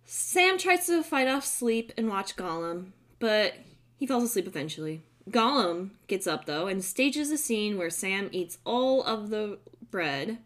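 A woman's voice: mid-range voice, expressive, unhurried. A young adult woman hosting a casual chat, retelling a film scene by scene in a profane, giggly way. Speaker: podcast host recapping a film.

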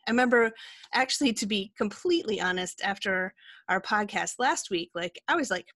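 A woman's voice: mid-range voice, expressive, fairly quick, a bit bright, dry recording. A woman co-hosting a podcast, talking in a candid, rambling way with many fillers. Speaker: podcast co-host. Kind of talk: casual chat.

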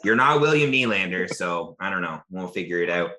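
Chatty male podcast host with a low, bright voice. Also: lively intonation, a little fast, echoey room. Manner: chatty, hedging with fillers and jokes. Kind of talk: casual chat.

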